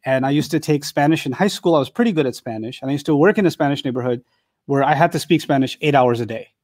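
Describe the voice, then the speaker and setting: A man's voice: medium pitch, fast talker, a little mellow, no room sound, clean studio sound. A middle-aged man giving a Quran lecture, telling stories in a humorous, conversational way. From Pakistan. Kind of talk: storytelling sermon lecture.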